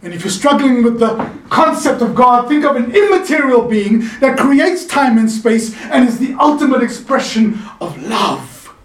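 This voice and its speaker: A man preaching a sermon in a chapel, animated and playful, calling on the congregation to answer him. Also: very high voice, moderate pace, hardly any pauses. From South Africa. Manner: animated, playful, calls for audience response. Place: chapel in the mountains. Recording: echoey chapel, voice from a distance.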